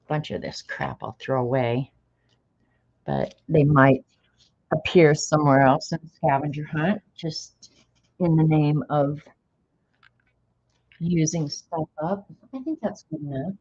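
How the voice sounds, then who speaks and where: She speaks slowly with long pauses, her low voice darkish and slightly rough. A middle-aged woman hosting an art livestream, she chats casually and talks to herself while drawing, captured in dull lo-fi stream audio.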